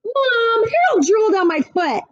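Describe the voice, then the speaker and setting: A woman puts on a sarcastic, complaining boy for a storybook reading, pitched high with a whiny edge. The sound is dry and slightly dull. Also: very animated, a little slow, dry recording, full character voice.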